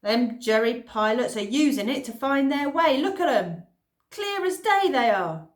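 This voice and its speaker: A woman voicing a blunt, grumbling old village man in a storybook reading, loud and gruff, recorded with a roomy echo. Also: sits high, lively intonation, unhurried, pitched above the performer's own voice.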